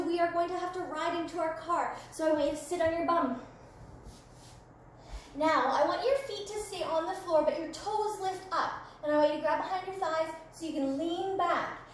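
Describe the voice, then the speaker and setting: High-voiced woman guiding kids' yoga. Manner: gentle, playful step-by-step instructions. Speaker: family yoga instructor. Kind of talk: guided children's yoga class. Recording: very echoey room, faint background noise.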